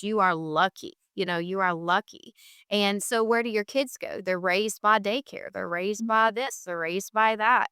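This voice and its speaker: A woman with a clear, smooth voice talks earnestly in a relaxed podcast chat. She leans on repeated phrases to press her points. The sound is close and dry. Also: mid-range voice, no echo. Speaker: guest, founder of an equine therapy charity. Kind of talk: casual podcast conversation.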